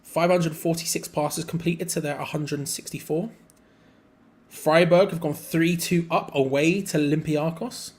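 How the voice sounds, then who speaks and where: A young man hosting a live football watch-along, mixing quick play-by-play with rambling chat and sudden excited outbursts. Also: fairly high pitch. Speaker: fan channel co-host.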